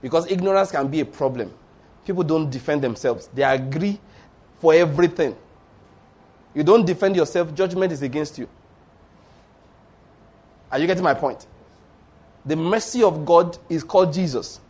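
A man's voice: fairly high pitch, moderate pace, long pauses, a little mellow, breathy edge. A man preaching a sermon, exhorting his congregation emphatically and mixing in playful story asides. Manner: emphatic, exhorting with tag words like "oh".

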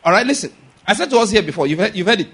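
Male preacher, high husky voice, emphatic, works the room with call-and-response questions. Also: expressive, racing, a bit bright. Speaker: pastor. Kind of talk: sermon.

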